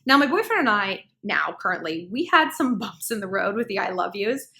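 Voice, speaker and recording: A woman in her thirties telling a relationship story to camera in a chatty, animated way, full of fillers and acted-out quotes. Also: medium pitch, brisk, vocal fry. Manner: chatty, animated, many "like"s, acts out quoted dialogue. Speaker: relationship advice vlogger.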